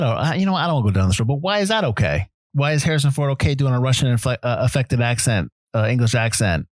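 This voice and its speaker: A man's voice: mid-range voice, expressive, fast talker, hardly any pauses, no echo. A man co-hosting a film podcast, talking in a loose, hedging way with many fillers and restarts. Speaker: podcast co-host. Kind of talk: casual film discussion.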